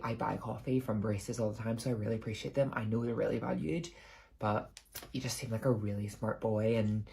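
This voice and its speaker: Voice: medium pitch, gravelly, darkish tone, close to an everyday voice. A speaker with a British accent playing a condescending adult who pushes a barista about his career in a comedy skit. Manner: patronizing, pushy questions.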